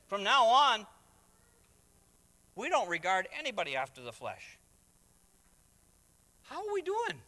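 High, bright-voiced preacher in a hall. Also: male voice. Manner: emphatic, with acted asides and rising refrains. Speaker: pastor. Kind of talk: sermon. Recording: reverberant hall.

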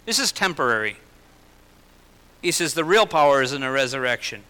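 A man preaching a sermon in an earnest way, slowing and lifting his voice for emphasis and dropping into personal asides. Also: medium pitch, sing-song, sharp tone, clean tone. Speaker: pastor. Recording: long hall reverb.

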